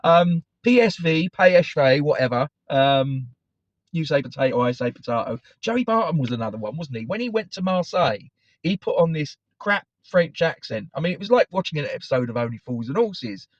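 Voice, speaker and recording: A man's voice: a little high, big pitch swings, brisk, dry recording. A middle-aged man, chatting on his fan channel in a digressive, self-correcting way. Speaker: football fan channel host. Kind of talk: casual rambling commentary to camera. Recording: dry, slightly dull recording.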